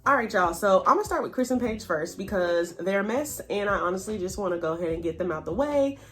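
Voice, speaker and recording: Woman, chatty recap host, animated quoting, faint music behind. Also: fast talker. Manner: chatty and animated, reenacts quotes with pitch jumps. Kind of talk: casual reality-TV recap.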